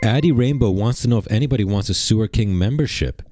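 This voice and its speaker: A man's voice: lowish voice, fast talker, dark tone, faint music behind. A man doing mocking livestream reaction commentary, rambling and sarcastic, repeating rhetorical questions.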